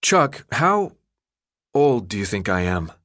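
A man's voice: lowish voice, big pitch swings, slow pace, a bit bright, heavily acted. A man doing a confused teenage boy. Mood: bewildered. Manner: bewildered, questioning.

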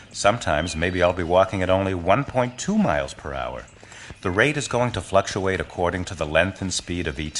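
Deep-voiced, expressive male audiobook narrator. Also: slight background noise. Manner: expressive storytelling that voices the boys. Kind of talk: scripted first-person audiobook narration.

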